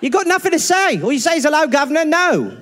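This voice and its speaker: A man's voice: very high voice, big pitch swings, moderate pace, a little hiss or hum, pitched above the performer's own voice. A man putting on a brash English bloke. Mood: scolding. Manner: brash, exasperated, mock-English. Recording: reverberant live theater.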